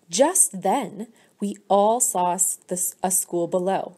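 Slow-reading woman teacher. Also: medium pitch. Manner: slow, gentle, pauses to quiz children. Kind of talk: reading a picture book aloud to children.

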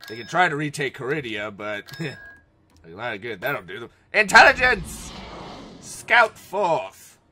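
A man commentating his own strategy game play, excitable, joking and swearing as he goes. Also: medium pitch, measured pace. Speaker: gameplay commentator.

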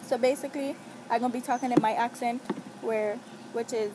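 A woman from St. Croix with a Cruzan accent, doing a casual accent-tag vlog, deliberately sounding out single words one by one. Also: a little high, fairly even intonation, background noise. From St. Croix, US Virgin Islands. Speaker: vlogger.

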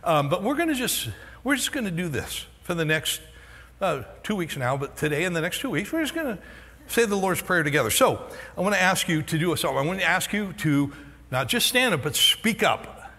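A middle-aged man preaching a sermon as pastor, animated and joking, his voice going hoarse. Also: high-pitched, fairly quick, big-room sound. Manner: animated, joking, acts out quoted reactions. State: losing his voice. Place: church auditorium.

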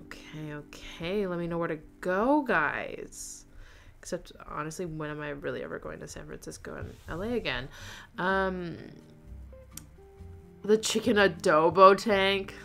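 Female streamer, chatty and giggly, lowish pitch with gravelly fry, reads chat aloud over faint guitar. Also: measured pace, a bit bright. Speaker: knitting livestream host. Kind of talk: casual chat, reading viewer comments aloud.

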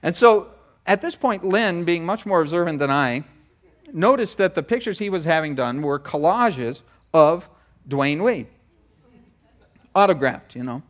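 A middle-aged man preaching a sermon, telling a personal story in a chatty, animated way with many asides. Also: on the high side, measured pace, long pauses. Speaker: pastor. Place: church sanctuary.

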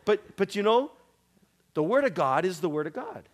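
A middle-aged man preaching in church, telling testimony stories in an animated way and laughing often. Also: sits high, slow pace, very noisy. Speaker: visiting preacher. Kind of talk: sermon sharing testimonies.

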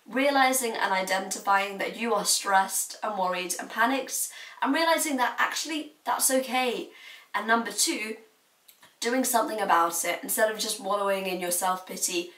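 A woman's voice: a little high, fairly bright tone, distant mic. Brief: teenage girl vlogging, confiding and chatty, mic set back in an echoey room. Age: late teens. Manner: chatty and confiding, laughs now and then. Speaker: student vlogger. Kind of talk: candid advice vlog.

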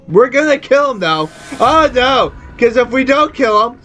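A man giving angry, profanity-filled commentary while playing a video game and yelling at the enemy. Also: extremely high pitch, very animated, a little slow, hardly any pauses, faint music behind. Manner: furious, swearing, yelling at the game. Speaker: gameplay streamer.

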